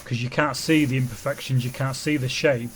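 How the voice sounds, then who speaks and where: Monotone man narrating a car repair. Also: mid-range voice, a little fast, slight background noise. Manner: self-described monotone, nervous, with frequent ums. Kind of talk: voice-over narration of a repair video.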